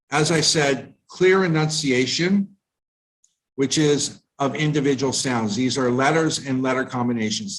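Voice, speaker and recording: A man from the United States giving a live online lesson on pronunciation, explaining in a measured way with frequent fillers and restarts. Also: medium pitch, fairly bright tone, poor audio. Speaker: IELTS tutor.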